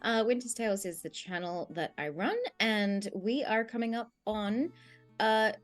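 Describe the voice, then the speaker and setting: A woman's voice: medium pitch, unhurried. An Australian woman chats on a live tabletop game stream in a medium voice. She sounds upbeat and laughs easily, with faint music playing behind. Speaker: player and fellow game master. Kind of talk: casual stream chat.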